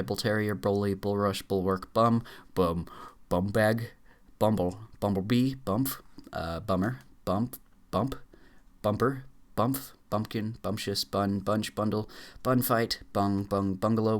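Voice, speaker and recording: A man with a fairly low voice races through a dictionary, reading words aloud one after another. He trips over entries, backs up and fills gaps with quick "uh"s as he pushes on. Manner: rattles off words in quick lists, stumbles and fillers. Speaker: YouTuber. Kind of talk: rapid dictionary read-aloud challenge.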